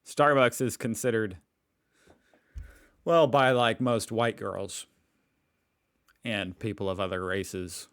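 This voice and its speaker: Brief: American man reacting on camera, very low voice, dry close sound, loose and self-mocking. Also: fairly even intonation, slow pace, pauses often, fairly bright tone, dry recording. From United States. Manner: rambling, joking and self-mocking. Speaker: reaction video host. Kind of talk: casual reaction commentary.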